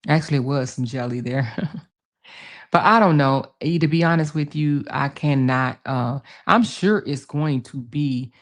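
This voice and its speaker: Speaking at a measured pace in a very deep voice, a woman hosts a relaxed livestream where she reads comments from viewers and answers them. Her manner is emphatic and repetitive, and she refers to viewers as "honey" and "baby."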